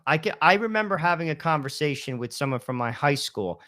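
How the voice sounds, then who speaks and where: Bright-voiced man in his fifties. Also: on the high side, a little fast. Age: 50s. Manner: emphatic, repeats "listen" and "you know". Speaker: podcast co-host. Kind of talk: casual religious talk.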